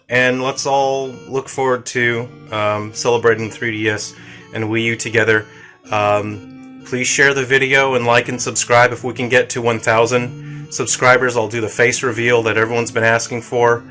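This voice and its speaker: A man's voice: mid-range voice, bright, forceful tone. A man giving a rambling, casual video update as a solo game developer, sounding tired, with many fillers and restarts.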